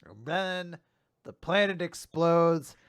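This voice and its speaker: Podcast co-host, male, bright and smooth, dry close mic, animated quote voices. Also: a little high, slow pace, no echo. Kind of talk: casual recap chat, acting out quotes.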